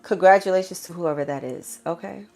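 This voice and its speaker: A woman with a New York accent giving a live tarot reading, lively and slangy, swinging between loud exclamations and low hushed stretches. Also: a little fast, creaky. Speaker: tarot reader.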